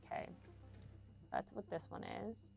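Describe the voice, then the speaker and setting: A woman's voice: a little slow, over music. A young adult woman streaming a game, chatting casually with her viewers and swearing often as she works through a puzzle. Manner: chatty, swears a lot, talks to chat. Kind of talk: casual live-stream commentary while gaming.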